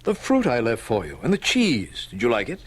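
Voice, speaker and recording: A man's voice: mid-range voice, wildly swooping pitch, a little fast, breathy edge. An actor playing a male guard who chats breezily with a prisoner, in an old radio drama. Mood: breezy. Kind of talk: 1970s radio drama acting.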